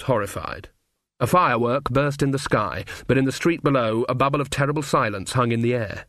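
Dry, measured male audiobook narrator. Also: medium pitch, fairly bright tone, dry recording. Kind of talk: scripted narration.

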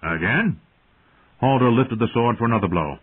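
A man narrating an audiobook in a measured storytelling manner. His voice is low and husky. The sound is squeezed into a thin, phone-like band. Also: expressive. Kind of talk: scripted narration.

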